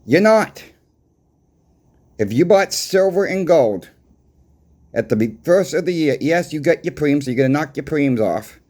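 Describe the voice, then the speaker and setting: With a strong Boston accent, a man walks through his weekly market numbers to camera like a coin shop owner chatting across the counter. His fairly high, slightly mellow voice has lively intonation, a moderate pace and long pauses. The delivery is conversational and repetitive, driving points home with emphatic rhetorical questions.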